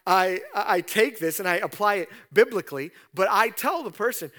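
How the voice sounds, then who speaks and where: A man preaching a sermon in a bright, forceful voice that sits a little high. He retells scripture scenes like stories and drives his points home with emphatic repeated questions. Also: lively intonation, moderate pace, few pauses. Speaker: pastor.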